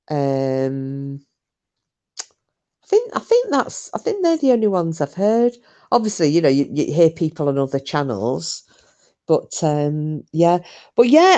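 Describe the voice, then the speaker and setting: A middle-aged woman with a low, deep voice talks to her live audience. She rambles from one thought to the next and swears offhandedly. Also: mellow. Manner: chatty, rambling, swears casually. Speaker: livestream host reading chat. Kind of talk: casual live chat with viewers.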